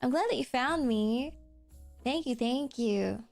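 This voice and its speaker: A woman's voice: sits high, expressive, unhurried, creaky, darkish tone, faint music behind. A woman streamer chatting casually with her viewers while drawing, answering chat, giggling often and swearing offhandedly.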